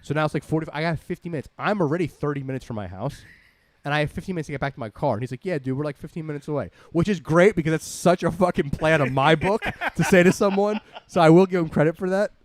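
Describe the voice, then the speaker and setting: A man casually telling a rambling, animated story full of swearing, as a podcast host. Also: a little high, fast talker.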